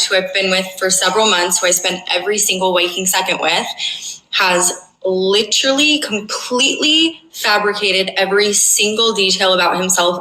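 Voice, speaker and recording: A woman's voice: medium pitch, bright, forceful tone, roomy sound, rough recording. A young woman telling a dramatic personal story, emphatic and swearing, often checking in with "okay?". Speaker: storyteller in a played clip.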